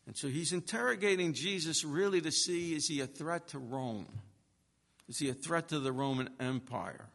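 Forceful preacher man in an echoing hall. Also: on the high side, normal speed, creaky. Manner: emphatic, building to forceful peaks. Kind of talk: expository sermon. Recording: long reverb of a large hall.

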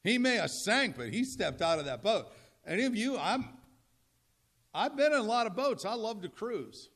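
Older male pastor, high voice, chatty humorous sermon. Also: big pitch swings, normal speed, fairly bright tone. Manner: conversational, humorous, asks the audience questions.

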